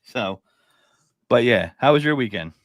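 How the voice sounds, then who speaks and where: Laughing while he talks, this podcast co-host tells laid-back stories in casual conversation. He has a medium-pitched, slightly bright, expressive voice, speaks a little slowly, and there's no room sound.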